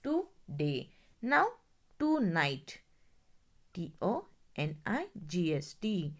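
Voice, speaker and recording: A woman's voice: lowish voice, big pitch swings, slow pace. A woman teacher, explaining step by step, spelling words out letter by letter and often checking whether the class follows. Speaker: English teacher. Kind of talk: classroom grammar lesson.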